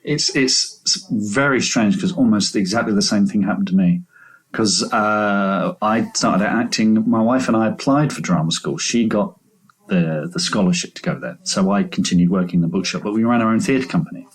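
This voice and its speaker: A man with a fairly low voice hosts a writing podcast. He chats casually, asks curious follow-up questions and slips in his own anecdotes. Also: moderate pace. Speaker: podcast host. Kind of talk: casual interview chat.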